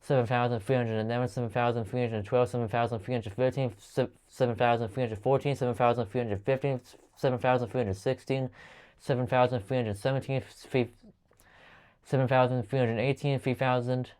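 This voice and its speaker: A man's voice: mid-range voice, clean tone. A man counting aloud at length, stumbling and restarting often as he goes. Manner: rapid steady counting with frequent stumbles and restarts. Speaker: channel host counting aloud. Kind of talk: long monotone counting video.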